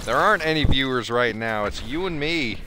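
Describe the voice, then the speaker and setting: A man's voice: mid-range voice, expressive, a little fast, background noise. A man streaming a video game, trash-talking enemies and joking with profanity in casual commentary. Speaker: gameplay streamer. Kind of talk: casual let's-play commentary.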